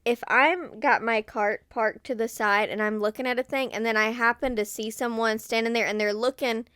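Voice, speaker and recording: A woman co-hosting a podcast in casual chat, animated and acting out her own quoted lines in a higher voice. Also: moderate pace, clear, resonant tone, no room sound, clean studio sound. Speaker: podcast co-host.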